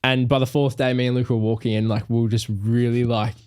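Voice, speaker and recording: A man's voice: mid-range voice, flat delivery, brisk, darkish tone. A young man, co-hosting a podcast and telling stories in a laid-back, rambling way. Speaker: podcast co-host. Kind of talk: casual chat.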